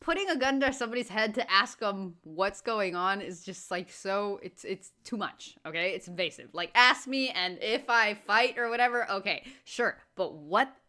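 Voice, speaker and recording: A woman's voice: medium pitch, lively intonation, normal speed, hardly any pauses, pushed and bright. A woman hosting a reaction video, talking casually and firing off incredulous questions. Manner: exclaiming, full of incredulous questions.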